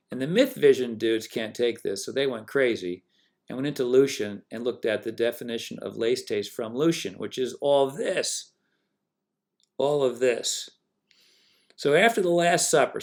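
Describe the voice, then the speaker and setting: A man holds forth in a loose, unscripted monologue, mocking and combative. He drops sarcastic asides and keeps correcting himself mid-sentence. His voice sits in an ordinary middle register for a man. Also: medium pitch. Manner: loose, self-correcting delivery with restarts. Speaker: online religion commentator. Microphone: webcam or desk mic, talking to camera.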